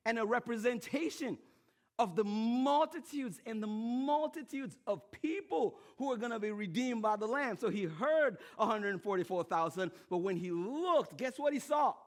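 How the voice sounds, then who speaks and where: A man with an American accent preaching a casual, animated sermon, moving from loud excitement to hushed intensity. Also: very high voice. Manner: casual, uses pop culture and slang. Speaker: pastor.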